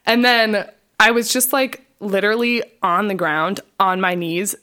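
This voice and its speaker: A young adult woman shares her personal testimony on a podcast she co-hosts. She talks in a relaxed, rambling way, packed with fillers. She often re-enacts what she said back then. Her voice sits at an ordinary middle pitch. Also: measured pace, clear, resonant tone. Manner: chatty, filler-heavy, quotes her past self. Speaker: podcast co-host.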